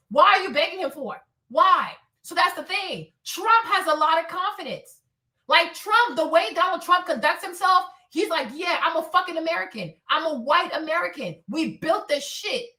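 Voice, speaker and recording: Woman streamer, high bright voice, profane emphatic ranting, roomy sound a bit off-mic. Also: far from the mic. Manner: profane, emphatic, keeps asking "right?". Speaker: live-stream commentator. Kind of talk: ranting live-stream commentary.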